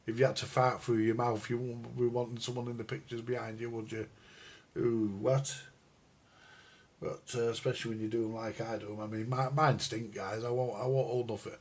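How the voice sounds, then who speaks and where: His medium-pitched voice barely moves in pitch, sounds a little mellow and runs a little fast. This older vlogger who collects records chats on a live stream about records and radios in a crude, joking, rambling way, calling his audience "guys."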